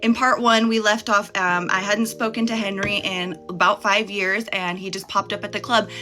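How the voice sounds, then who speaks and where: Bright-voiced woman telling a chatty story. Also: medium pitch, steady tone, moderate pace. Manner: candid, chatty, swears freely. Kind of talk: casual storytime vlog. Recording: faint music behind.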